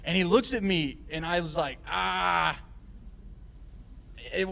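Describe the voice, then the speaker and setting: A man tells a comic story on a live podcast, his voice sitting a little high. He slips into the voices of the people in his tale. He keeps the telling lively. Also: takes it slowly, gravelly. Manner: animated, acts out quoted voices. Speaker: guest storyteller.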